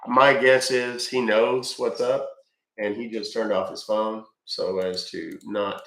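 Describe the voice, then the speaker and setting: A man's voice: fairly low pitch, little pitch movement, slow pace, fairly bright tone. A middle-aged man with a congested voice, chatting folksily with viewers as a live-stream scambaiting host. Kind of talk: casual live-stream chat. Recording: roomy echo.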